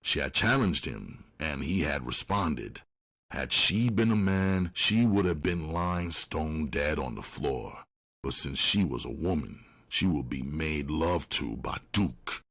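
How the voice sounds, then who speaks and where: A man narrating an audiobook in a steady, unhurried storytelling manner. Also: a bass voice.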